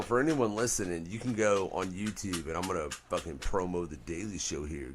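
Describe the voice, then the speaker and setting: A man co-hosts a rowdy talk radio show, loose and joking, and he swears freely. His voice sits low but swings widely in pitch as he riffs. He laughs easily between points. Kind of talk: casual uncensored talk radio banter.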